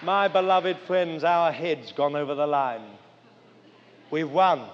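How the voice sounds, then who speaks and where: Older male preacher with a fairly high voice; dramatic, earnest sermon delivery; dull lo-fi hall recording. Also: slow pace, a faint crowd, a little hiss or hum. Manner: earnest, dramatic storytelling with wide swings of pitch and loudness. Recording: long hall reverb, dull lo-fi sound.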